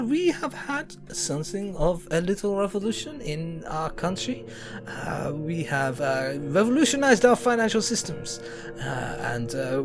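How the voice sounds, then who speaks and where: A fussy, gushing chancellor with a put-on French accent, as a woman puts her on, her voice swooping lively up and down. Courteous and halting, full of ums. It sounds like a lo-fi call with music playing clearly behind. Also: fairly low pitch. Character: polite, fussy female chancellor of a fantasy nation.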